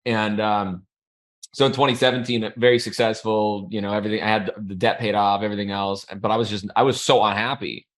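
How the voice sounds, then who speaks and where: A man in his thirties from Canada, a podcast guest telling a personal story in a relaxed, rambling way, often restarting his sentences. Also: fairly low pitch, fairly quick. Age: 30s. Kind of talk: casual conversational storytelling.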